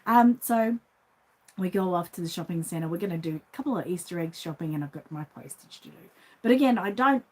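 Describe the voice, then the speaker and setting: A woman's voice: lowish voice, lively intonation, brisk, darkish tone, husky, rough recording. Chatty Australian woman telling a story. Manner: chatty, rambling, acts out the voices in her anecdotes. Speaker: reborn doll shop owner. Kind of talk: casual storytelling vlog.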